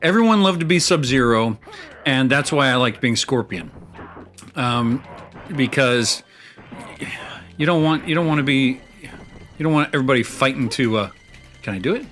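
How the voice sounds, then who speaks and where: A man's voice: mid-range voice, animated, moderate pace, pauses often, a bit bright, soft background music. A man hosting a casual show, chatting and rambling through fillers and small chuckles as he plays a video game. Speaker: host. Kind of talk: casual chat while playing a video game.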